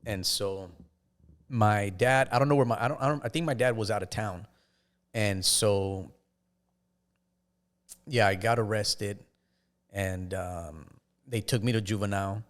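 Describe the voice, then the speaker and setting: A man, a podcast guest, telling his life story in a casual, halting way with frequent restarts. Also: on the low side.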